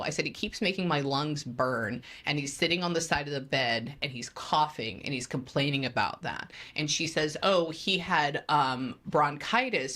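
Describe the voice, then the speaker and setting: A young adult woman, a medium who is a guest on a podcast, telling an animated story in casual conversation and acting out what she hears. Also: sits low. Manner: animated storytelling, acts out voices and pings.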